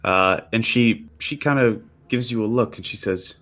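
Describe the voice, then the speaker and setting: A man narrating as game master for a tabletop game, relaxed and halting with frequent fillers. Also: fairly low pitch.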